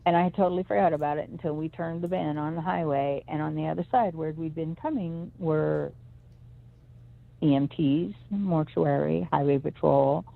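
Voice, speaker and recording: On a call-in show, a middle-aged woman who's a psychic reader recounts a personal story, emphatic and rambling with many restarts. Heard through a tinny phone line, her creaky voice sits low and moves at normal speed.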